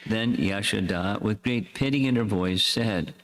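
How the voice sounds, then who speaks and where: Slow, gravelly male storyteller in a hall. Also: on the low side, fairly bright tone. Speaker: swami. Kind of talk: reading a devotional story aloud. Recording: echoey hall reverb.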